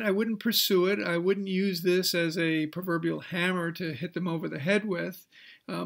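A man presenting a counseling workshop, teaching in a measured lecture voice with occasional fillers. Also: on the high side, creaky.

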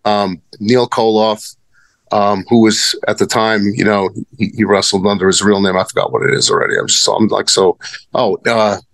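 A man's voice: lowish voice, flat delivery, moderate pace, gravelly, a bit bright, no room sound. A man telling rambling, profane stories as a wrestling guest in casual conversation. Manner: rambling, profane, many restarts. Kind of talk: casual storytelling.

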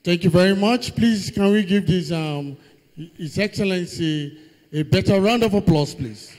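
A man's voice: high voice, moderate pace, a little mellow. A man, the master of ceremonies, politely directing the audience in a formal manner. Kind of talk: formal event hosting. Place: large lecture hall. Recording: hall with long reverb.

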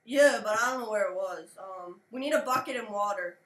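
A woman's voice: mid-range voice, brisk, a bit bright, roomy sound, slight background noise. A woman with a Maryland accent chatting casually while gaming, giggly and swearing freely. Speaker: gamer.

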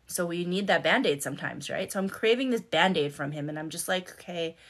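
Candid, low-voiced woman live-streaming. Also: brisk. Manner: candid, swears freely, repeats words for emphasis. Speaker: life coach and content creator on a live stream. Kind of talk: casual live-stream storytelling.

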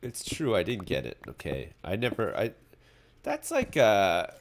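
A man's voice: fairly low pitch, wildly swooping pitch, a little slow. A man streaming live gameplay, commenting in a sarcastic way and swearing freely as he plays. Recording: faint background noise.

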